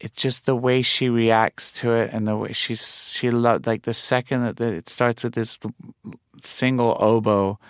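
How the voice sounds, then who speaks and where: A man's voice: medium pitch, flat delivery, unhurried, smooth, no room sound, clean studio sound. A man with a mixed English and New York accent, a music producer talking casually as a guest and rambling with lots of "like" fillers. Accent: mix of English and New York. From England. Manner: rambling, heavy use of "like" fillers. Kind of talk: casual conversation.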